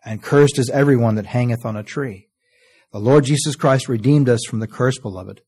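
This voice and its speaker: A man preaching a sermon, earnest, reading scripture slowly and letting phrase ends fall soft. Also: mid-range voice, breathy edge. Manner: earnest, often trailing off softly at phrase ends; reads scripture in slow, stressed King James cadence.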